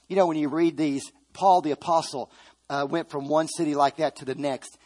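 A man's voice: a little high, steady tone, moderate pace, a little mellow. A man preaching a sermon, earnestly retelling a story with quoted dialogue.

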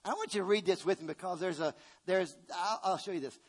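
A middle-aged male preacher delivering a sermon, emphatic, swinging between loud bursts and hushed asides and calling on the congregation to respond. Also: sits high, quick pace.

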